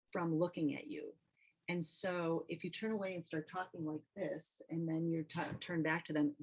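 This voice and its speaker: A middle-aged woman with a low voice leads an online art workshop over a video call. She talks in a relaxed, conversational way, pausing on fillers and restarting her sentences. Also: poor audio. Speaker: teaching artist and nurse. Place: home or studio, video call. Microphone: computer mic on video call.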